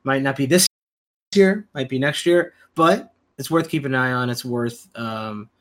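A man's voice: mid-range voice, moderate pace. Laid-back male podcast host. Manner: laid-back, joking, trash-talking. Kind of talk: casual podcast chat.

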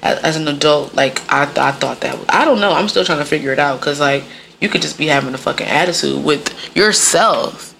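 A woman chatting casually and telling blunt, profanity-laced stories. Her voice sits on the low side, with a gravelly fry and a bright, forceful edge, and it often jumps up in pitch mid-sentence. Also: a little fast, a little hiss or hum. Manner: frank and profane, many fillers like "like" and "you know"; animated, with sudden pitch jumps. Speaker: podcast guest or co-host. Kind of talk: casual storytelling chat.

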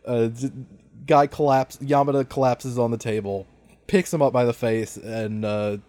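A man's voice: mid-range voice, steady tone, moderate pace, a little mellow, no echo. A man casually narrating a video game scene step by step to a friend.

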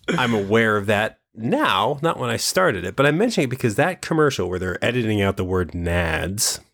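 A man in his forties co-hosting a casual movie podcast, telling animated stories and quoting lines. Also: on the low side, normal speed. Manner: animated storytelling, mimics film lines. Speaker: podcast co-host. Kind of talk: casual chat about movies.

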